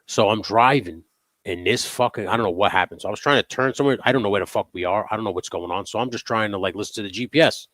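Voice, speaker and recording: Low-voiced man telling stories, dry sound. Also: fast, no room sound. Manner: profane, animated storytelling. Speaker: host. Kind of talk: casual chat. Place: home workshop.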